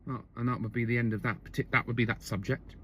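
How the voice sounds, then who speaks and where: A man's voice: mid-range voice, steady tone, quick pace, a bit bright, slight background noise. A man telling a comic story in a wry monologue, often checking in with "okay?" and "right?".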